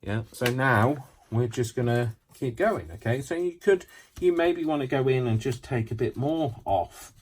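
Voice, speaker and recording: A man's voice: mid-range voice, lively intonation, measured pace, hardly any pauses. A man hosting a casual craft demonstration, chatty and rambling, with self-mocking asides. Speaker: craft tutorial host.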